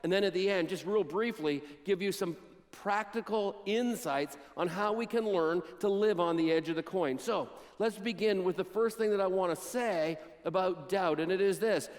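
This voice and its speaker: Man, pastor, high voice, dramatic storytelling sermon, long reverb of a church hall. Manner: storytelling, acts out Bible quotes with dramatic pauses. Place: church sanctuary.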